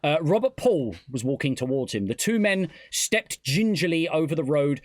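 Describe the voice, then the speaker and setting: British man, podcast host, animated reader, dry close sound. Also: on the high side, normal speed, dry recording. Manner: reads the story aloud with stumbles, laughs a lot. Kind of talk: casual podcast narration.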